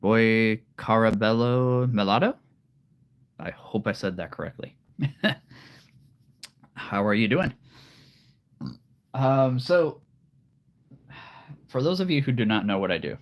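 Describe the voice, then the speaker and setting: A middle-aged man with a lowish voice hosts a live stream in a loose, chatty way. He talks straight to his viewers and answers them as he goes. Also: big pitch swings, takes it slowly, pauses often.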